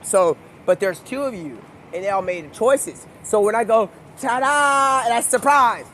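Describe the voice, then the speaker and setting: A young man in a rambling, profane monologue, excitable and jumping between mumbled asides and loud outbursts. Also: sits high, unhurried, a little hiss or hum.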